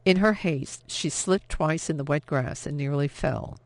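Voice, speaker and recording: A man narrates an audiobook in a steady, measured way. His somewhat high voice has a gravelly texture. The recording is dry and close to the mic. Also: no echo. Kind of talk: scripted narration.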